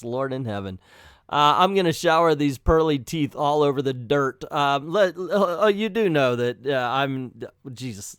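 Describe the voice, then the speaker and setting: Excitable man reviewing comics. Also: mid-range voice, no room sound, clean studio sound. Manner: excitable, laughs and swears in reactions. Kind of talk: casual video commentary.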